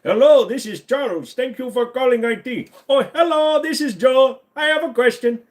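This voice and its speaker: A man imitating a male IT help-desk worker with an exaggerated Indian accent, in a high, chirpy voice. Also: moderate pace.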